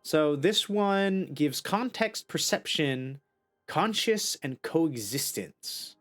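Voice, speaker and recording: A streamer giving casual let's-play commentary, chatty and thinking out loud with many restarts. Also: mid-range voice, expressive, slow pace, faint music behind.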